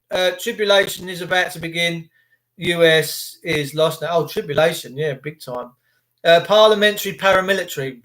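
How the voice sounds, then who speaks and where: Excitable high-voiced man livestreaming. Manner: excitable, sarcastic, addresses viewers as mate. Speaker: livestream host. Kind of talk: casual live commentary.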